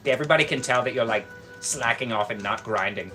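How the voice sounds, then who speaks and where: A man casually rambling on a stream, joking deadpan with lots of fillers. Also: mid-range voice, fast talker, soft background music.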